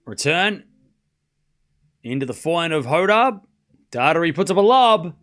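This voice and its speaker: A man's voice: on the high side, sing-song, normal speed, fairly bright tone. A young man casually calling a live tennis match for a stream audience, chatty and self-mocking, stumbling over player names. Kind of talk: casual play-by-play watchalong commentary.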